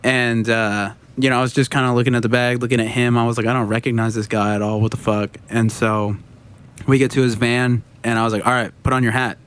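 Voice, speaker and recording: A man's voice: mid-range voice, quick pace, smooth. Young man telling a job-site story. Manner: animated anecdote-telling, acts out quotes, swears freely. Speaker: podcast co-host. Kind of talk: casual storytelling chat.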